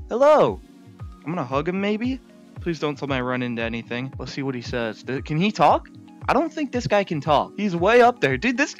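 A man giving excited, chatty commentary to his viewers while he plays a video game in a room at home. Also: a little high. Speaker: gaming YouTuber.

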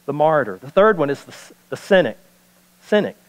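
A man preaching a sermon as pastor, folksy and animated, repeating key lines and joking with the congregation. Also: a little high, normal speed, long reverb tail, poor audio. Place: church sanctuary.

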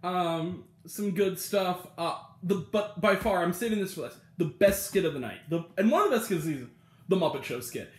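A man's voice: high voice, animated, brisk. A young man reviewing a TV episode in a rambling, casual monologue, laughing often and acting out quotes. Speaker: TV review vlogger. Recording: echoey room.

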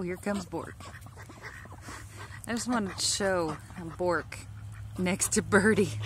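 A woman's voice: mid-range voice, a little hiss or hum. A woman outdoors in her backyard, talking in a cooing, affectionate baby-talk way to her ducks while filming them on a handheld phone. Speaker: backyard duck keeper. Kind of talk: casual vlog talking to pets. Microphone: handheld phone camera.

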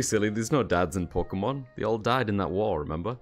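A man's voice: low voice, lively intonation, fairly quick, faint music behind. A man streaming a game, chatting casually with viewers in a rambling, jokey, self-deprecating way. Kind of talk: casual livestream chat.

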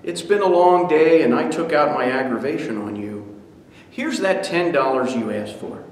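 A man's voice: a little high, animated, moderate pace, recorded from a distance, slight background noise, close to an everyday voice. A man playing a tired, scolding father. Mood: apologetic. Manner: gruff, scolding. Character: tired, irritable working father. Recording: echoey hall.

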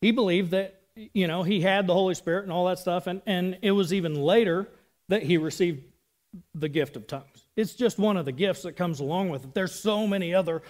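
A man's voice: high-pitched, a little fast, darkish tone. A man in his thirties giving a casual, chatty sermon with asides. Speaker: preacher.

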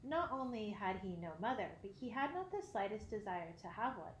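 A woman reading a children's classic aloud, expressive, with occasional slips and throat clearing. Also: mid-range voice, brisk, a little hiss or hum. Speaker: audiobook reader. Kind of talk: storybook narration. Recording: roomy echo.

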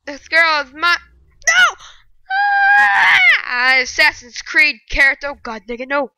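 Bright, excitable high-pitched gamer woman. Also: moderate pace, slight background noise. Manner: excitable, bursts into loud shouting rants. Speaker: gaming video creator. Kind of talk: live gameplay commentary.

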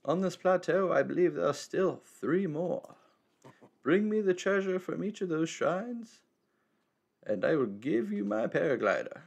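A man voicing a mysterious, teasing old male hermit in a slow, measured old man voice, reading game dialogue aloud. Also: on the high side, expressive, vocal fry, darkish tone, pitched above the performer's own voice, full character voice. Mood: cryptic, teasing.

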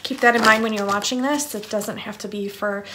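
A woman's voice: mid-range voice, steady tone, fairly quick, noisy background. A woman giving a casual tarot card reading for her channel, chatting in a rambling way with lots of fillers. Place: her home, downstairs.

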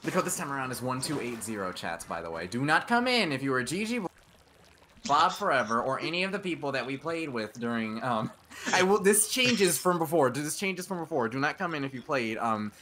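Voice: mid-range voice, sing-song, fairly bright tone, a little hiss or hum. A gamer chatting in a joking, teasing way while playing. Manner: joking, teasing, with quick asides. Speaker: guest gamer. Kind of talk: casual chat while gaming.

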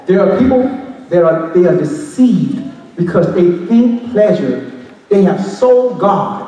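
A high-voiced man preaches with passion, moving between shouts, half-sung lines and loose street talk. He is heard from far off in a church hall with a long, ringing echo. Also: very animated, slow pace. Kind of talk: Pentecostal sermon. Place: church sanctuary.

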